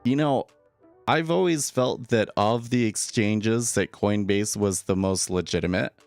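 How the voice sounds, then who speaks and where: A man's voice: lowish voice, measured pace, vocal fry, darkish tone, soft background music. A man streaming live trading commentary, casual and opinionated, often repeating words as he starts a sentence. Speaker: day trader streaming live.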